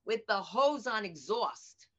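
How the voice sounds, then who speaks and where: An older woman comedian, a guest in a casual interview, speaks slowly in a husky, slightly bright mid-range voice with big pitch swings. She tells stories animatedly, doing the voices of people she quotes, in dull lo-fi audio.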